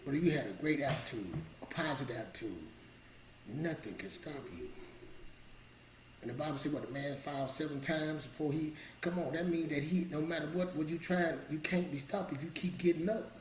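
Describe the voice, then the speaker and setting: A man's voice: a little high, normal speed, slight background noise. A middle-aged man hosting a motivational show, talking casually and emphatically, repeating his points in a colloquial, preachy way. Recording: roomy echo with faint ambience.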